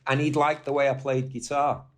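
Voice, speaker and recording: A man from northwest England telling rambling, animated stories as a guest on an interview podcast, swearing now and then. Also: medium pitch, moderate pace. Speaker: guest musician. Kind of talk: casual storytelling interview.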